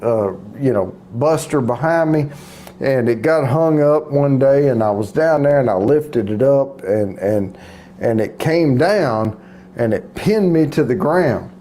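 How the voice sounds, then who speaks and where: A man working through a long joke among friends, circling back with restarts and little asides. His voice is mid-pitched and ordinary, with a faint hiss in the background. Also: animated, a little slow, warm tone. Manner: rambling, with many restarts and asides. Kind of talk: telling a long joke in casual chat.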